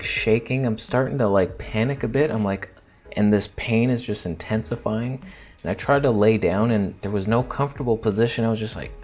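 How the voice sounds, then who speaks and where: A young man with a fairly low voice recounts a story to the camera in a loose, crude, joking way. He slips into hushed, theatrical asides as he acts out his own reactions. Faint music plays in the background. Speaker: vlogger.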